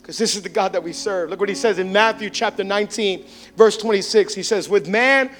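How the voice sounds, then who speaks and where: A male pastor giving a sermon, swinging between impassioned shouts and hushed, intimate tones. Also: high voice, steady tone, a little fast.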